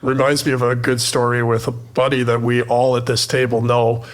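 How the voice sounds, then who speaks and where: A man's voice: medium pitch, monotone, moderate pace. Laid-back joking male podcast co-host. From Canada. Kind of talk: casual chat.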